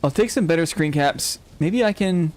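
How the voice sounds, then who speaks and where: A man streaming a game live, commenting casually and getting excited and gushing as he explores. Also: fairly high pitch, moderate pace. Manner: excitable, gushing, laughs often.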